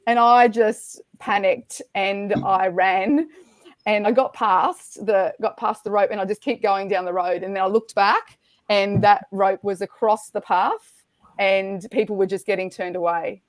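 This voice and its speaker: A middle-aged woman recounts a race story as a podcast guest. She is lively and animated and acts out what people said in voices. Her voice sits mid-range and sounds dry and close to the mic. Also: medium pitch, moderate pace, no room sound. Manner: lively, animated retelling with acted-out quotes. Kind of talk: storytelling in casual chat.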